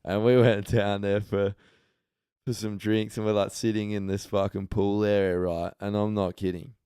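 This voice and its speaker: An Australian man telling animated, profanity-laced anecdotes on a casual podcast. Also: fairly low pitch, moderate pace, smooth, dry recording, studio quality. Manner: swears a lot, animated anecdotes. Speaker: podcast host.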